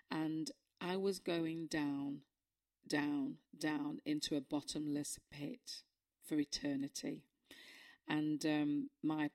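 A woman with a notably low voice tells her faith testimony. She speaks earnestly and with deep feeling, pausing often on fillers and restarting her sentences. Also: darkish tone. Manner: earnest and emotional, halting with many fillers and restarts. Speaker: churchgoer sharing a testimony.

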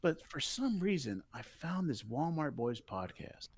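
A man telling a story on a podcast in casual, profane chat, animated and laughing as he talks. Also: on the high side, measured pace, breathy edge, no room sound. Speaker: podcast co-host.

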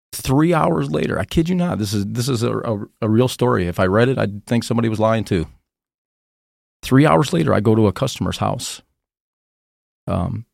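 A man, a podcast guest, candidly telling a painful personal story in a halting, emotional way, often repeating his words. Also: fairly low pitch, vocal fry, darkish tone, no echo, clean studio sound.

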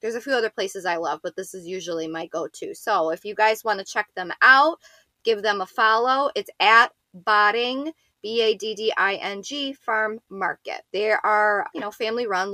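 Bright-voiced buffalo woman cohosting a chat podcast, blunt and swears a lot, dry close sound. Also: medium pitch, normal speed, dry recording. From Buffalo, New York. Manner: frank, swears freely. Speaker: podcast co-host. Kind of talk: casual chat.

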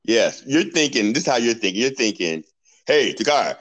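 Playful man with a lively, swinging voice. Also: medium pitch, fairly quick, rough recording. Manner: playful, laughs often, lively. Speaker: podcast host. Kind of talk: casual podcast debate.

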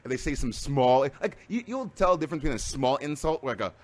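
A man streamer chatting casually, rambling through animated stories with many restarts. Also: mid-range voice, fast talker. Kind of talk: casual chat.

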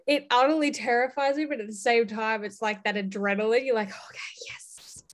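A woman's voice: on the high side, steady tone, fast. A woman co-hosting a podcast, chatting casually and laughing often. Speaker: podcast co-host.

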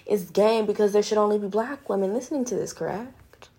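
A woman's voice: mid-range voice, a little fast, mellow, husky. A young woman hosting a podcast in casual, frank monologue, swearing freely and calling listeners girl and honey. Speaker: podcast host.

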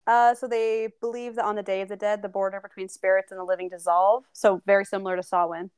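A woman's voice: mid-range voice, flat delivery, a little mellow, smooth, no echo, clean studio sound. A young woman from the Southwest United States co-hosting a podcast in a casual, playful, giggly chat. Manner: giggly, playful, quick to joke. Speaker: podcast co-host.

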